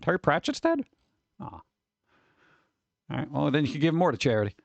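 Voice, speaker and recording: A man's voice: fairly high pitch, huge pitch swings, a little fast, vocal fry, no room sound. Man chatting casually on a live stream. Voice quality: scratchy vocals at times. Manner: rambling, wry, reacts to chat and pictures.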